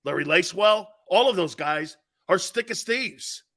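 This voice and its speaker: A man hosting a live sports talk show, telling stories in an animated, rambling way with many asides. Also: high-pitched, normal speed. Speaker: sports talk radio host.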